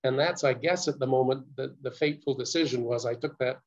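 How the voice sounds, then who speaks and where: An older man recounting his story as a guest speaker, earnest and measured, with small stammers. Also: mid-range voice. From Canada. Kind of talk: personal storytelling talk. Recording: muffled lo-fi recording.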